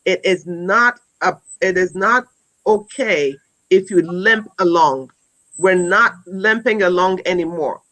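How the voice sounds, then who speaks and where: The recording is low quality, and the woman's voice is fairly low, fairly bright and slow-paced. An educator in her forties, she tells a story on a wellness talk in an earnest, conversational manner marked by restarts and repeated words, ending with encouragement to listeners.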